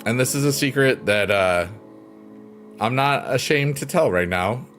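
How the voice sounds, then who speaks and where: A man hosts a relaxed live stream, greeting viewers and cracking silly jokes with easy laughter. He talks close to a desk mic at a middling pitch. Soft guitar music plays quietly behind him. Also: measured pace. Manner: goofy, playful, jokes and laughs a lot. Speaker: livestream host. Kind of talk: casual live stream chat. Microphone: close desk microphone.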